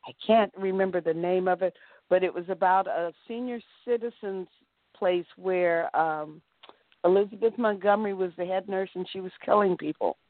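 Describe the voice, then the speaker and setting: Woman telling lively stories over a phone line. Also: fairly low pitch, normal speed, no echo. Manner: animated storyteller acting out quotes. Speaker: guest actress. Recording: dry, tinny phone-like line.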